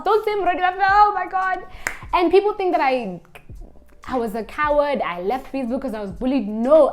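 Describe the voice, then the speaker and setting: Young woman, higher-pitched voice, lively storytelling vlog. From Botswana. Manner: animated storyteller, acts out the people she quotes. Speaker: vlogger.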